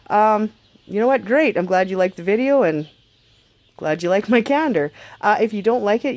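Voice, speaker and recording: A woman's voice: medium pitch, a little mellow, no room sound. A woman vlogger giving a blunt, sarcastic, profane advice rant to the camera. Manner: blunt, sarcastic, swears a lot.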